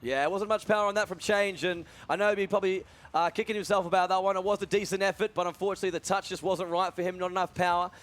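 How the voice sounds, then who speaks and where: A young man doing live esports commentary, energetic and full of fillers. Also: high voice. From Australia. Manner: fast, energetic, many fillers. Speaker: esports commentator and event organizer.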